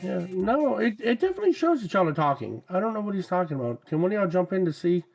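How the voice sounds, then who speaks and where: A laid-back man talking into a headset mic as a podcast co-host, loose and slangy. His voice sits a little high and has a gravelly, fried texture. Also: very animated, fast talker, darkish tone, faint music behind. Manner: laid-back, slangy, says "bruh" and "y'all". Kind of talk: casual chat.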